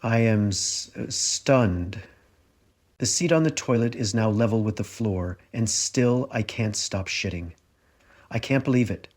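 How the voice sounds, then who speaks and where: A man's voice: lowish voice, a little slow, a little mellow. Man reading his own memoir, wry. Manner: wry, confessional first-person telling. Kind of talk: audiobook narration.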